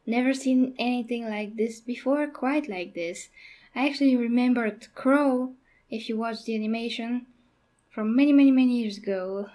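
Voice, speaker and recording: A young woman casually talking through a movie review on her channel, halting and restarting her sentences as she goes. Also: fairly high pitch, mellow. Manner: halting, with frequent restarts and fillers.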